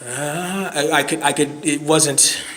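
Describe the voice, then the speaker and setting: A man in his thirties with a hoarse voice, rambling through a casual self-deprecating vlog monologue and often clearing his throat. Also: on the high side, steady tone, takes it slowly, background noise. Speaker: vlogger.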